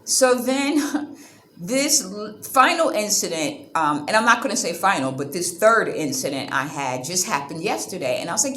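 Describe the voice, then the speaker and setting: A woman from the United States telling a story to camera as a vlogger, animated and indignant, acting out the back-and-forth of an argument. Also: mid-range voice, normal speed, slight background noise. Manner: animated, indignant retelling with quoted exchanges. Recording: roomy sound with faint ambience.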